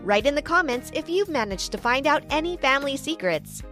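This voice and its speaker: A woman narrating an animated story in the first person with a dramatic storybook delivery. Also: high-pitched, brisk, soft background music.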